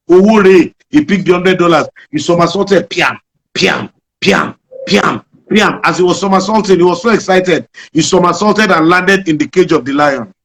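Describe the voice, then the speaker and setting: Animated Nigerian comedian, high male voice. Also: low-quality recording. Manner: animated storyteller, acts out jokes. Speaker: comedian guest. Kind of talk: interview storytelling.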